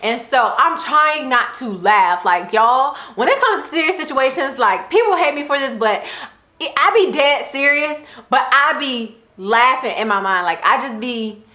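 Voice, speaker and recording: A young woman recounts a story to her viewers in a lively, chatty way, laughing often. Her voice is bright and sits a little high. The room around her sounds echoey. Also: normal speed. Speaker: vlogger. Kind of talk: casual storytime.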